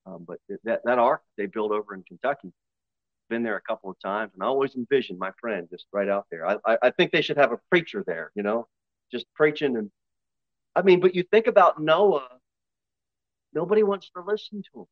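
A man with a Northern US accent, a pastor giving a sermon in a conversational style with quick asides and voiced impressions. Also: medium pitch, expressive, no room sound, highs cut off. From northern United States.

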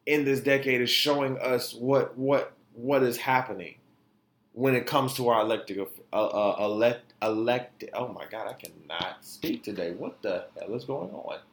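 A podcast host with a mid-range, slightly bright voice delivers blunt, profane opinions in a heated rant, sometimes tripping over his words.

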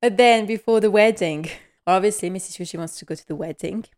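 A woman's voice: medium pitch, fairly quick, a little mellow. A woman hosting a casual episode recap, enthusiastic, laughing often and using many fillers. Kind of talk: casual chat.

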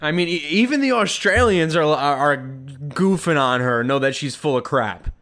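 Male podcast host with a high-set voice, sarcastic and indignant, ranting commentary. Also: lively intonation, normal speed, a bit bright.

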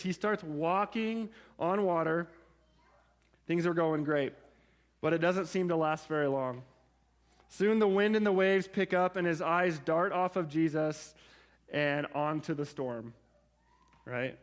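A man preaching a sermon in a conversational way, often checking in with his listeners through quick asides. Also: sits high. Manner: conversational, frequent "right?" and "like" asides. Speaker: pastor.

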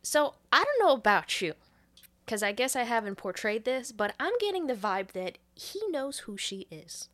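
A woman co-hosting a podcast, casually retelling a movie plot with loose, profane storytelling and quick laughs. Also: fairly high pitch, sing-song, fairly bright tone. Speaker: podcast co-host recapping a movie. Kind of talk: casual chat.

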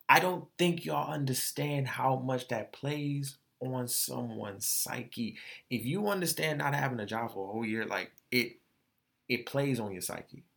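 Gravelly-voiced man venting on his podcast. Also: fairly high pitch, fairly bright tone. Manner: profane, emotional, repeats phrases. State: tearful. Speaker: podcast host. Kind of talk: candid solo monologue.

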